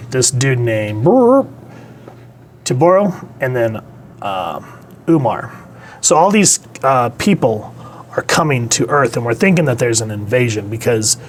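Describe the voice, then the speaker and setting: A man's voice: medium pitch, a little hiss or hum. A man reviewing comic books in a casual, rambling, conversational way. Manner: rambling, conversational, with many fillers.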